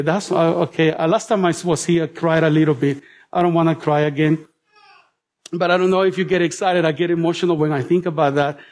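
A man preaching a sermon to a congregation, chatty and animated with humorous asides, easing into soft, slow prayerful passages. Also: fairly high pitch. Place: church.

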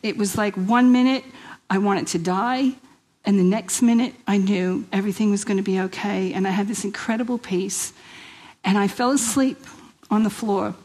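A woman's voice: medium pitch, fairly even intonation, normal speed, darkish tone, low-quality recording. A middle-aged woman with a New York accent giving an earnest, emotional personal testimony at a women's church event, with hesitations and restarts. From New York, USA. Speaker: speaker.

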